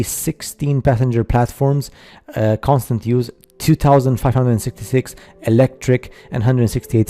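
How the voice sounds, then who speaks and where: Dark-voiced man, halting skeptical narration. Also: on the low side. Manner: halting, many fillers and restarts, skeptical asides. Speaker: narrator of a slideshow video. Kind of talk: casual voice-over commentary.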